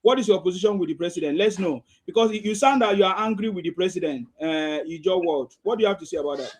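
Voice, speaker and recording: A man's voice: high-pitched, fast talker. A man hosting a live discussion, teasing and laughing as he presses his questions. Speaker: host.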